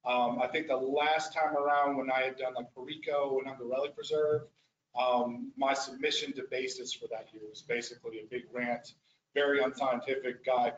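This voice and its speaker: A man's voice: mid-range voice, moderate pace, a bit bright, a little hiss or hum. A man, a restoration practitioner, giving a casual, rambling presentation at a board meeting, with many restarts. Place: meeting room. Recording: echoey muffled meeting room audio.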